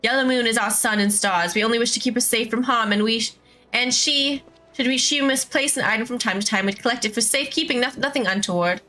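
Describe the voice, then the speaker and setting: A woman's voice: fairly high pitch, fast talker, bright, forceful tone, faint music behind. A woman voicing a flustered male devotee in a video game, with a put-on accent. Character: sneaky male devotees hiding in crates.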